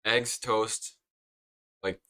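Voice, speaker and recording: A young man with a somewhat low voice that has a bright, forceful edge. He chats casually on a podcast, easygoing and brief. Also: fairly even intonation, drawn-out words. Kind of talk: casual chat.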